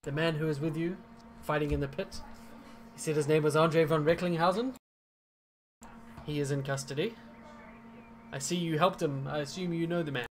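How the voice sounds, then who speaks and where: A man voicing a grateful male noble who speaks formally and haltingly in a tabletop game. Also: on the high side, steady tone, lightly acted.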